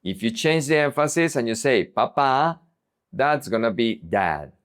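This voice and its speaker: A man's voice: medium pitch, big pitch swings, normal speed, creaky. A man teaching a pronunciation lesson, saying each word twice and then giving its meaning. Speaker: Spanish teacher.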